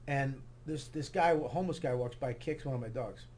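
A man telling an animated story as a comedian guest, swearing and acting out quotes loudly. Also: medium pitch, moderate pace, a little hiss or hum. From New York area.

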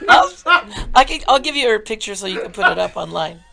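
A woman telling comic stories as a talk show guest, giggling and animated. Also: mid-range voice, brisk, vocal fry, a crowd in the background. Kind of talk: casual comedic chat.

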